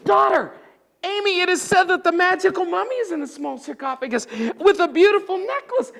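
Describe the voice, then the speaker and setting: A woman's voice: extremely high pitch, a little fast, vocal fry, a bit bright, pitched above the performer's own voice, heavily acted. Jolly storybook fisherman dad, done by a woman: eager, exclamatory. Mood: excited. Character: fisherman father, excitable and jolly.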